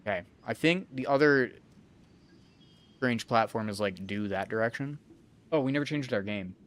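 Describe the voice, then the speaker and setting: A man's voice: medium pitch, normal speed, soft background music. Profane young man streaming a game. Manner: profane, rambling, talks to chat while playing. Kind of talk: casual gameplay commentary.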